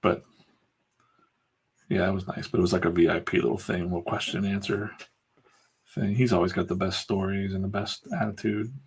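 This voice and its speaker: A man's voice: sits low, fairly even intonation, brisk, gravelly, pauses often, breathy edge. A middle-aged man, a comic artist, chatting casually while he draws on a live stream, blunt and prone to fired-up pep talks with mild swearing.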